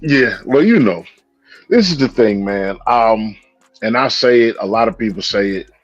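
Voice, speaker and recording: A man's voice: lowish voice, lively intonation, normal speed, no echo. An emphatic man makes his point by piling up words in casual talk. The sound is dry and a bit dull, with faint music under it. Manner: emphatic, lists words for effect. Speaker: podcast co-host. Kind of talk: casual chat.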